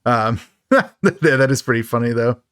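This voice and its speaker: A man's voice: medium pitch, animated, unhurried, fairly bright tone, no echo, studio quality. A man co-hosting a podcast, casually recapping a schlocky horror film with jokes and frequent laughter. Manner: jokey, laughing often. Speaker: podcast co-host. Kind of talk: casual movie recap chat.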